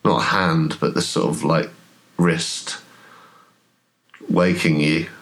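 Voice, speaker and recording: Deep-voiced male game master, halting delivery with many pauses and fillers. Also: flat delivery, fairly bright tone. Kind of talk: narrating a tabletop horror game.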